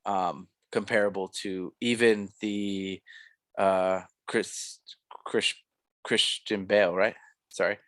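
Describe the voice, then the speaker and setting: A man's voice: fairly low pitch, steady tone, takes it slowly, a bit bright, no echo. Rambling young man reviewing a film. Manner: rambling, filler-heavy, self-correcting. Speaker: podcast co-host. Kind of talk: casual film review chat.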